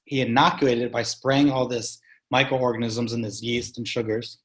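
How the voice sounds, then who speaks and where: A man's voice: medium pitch, normal speed. Emphatic man telling a farm story. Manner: animated, emphatic, swears casually. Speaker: guest, sustainable farming practitioner. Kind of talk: conversational storytelling.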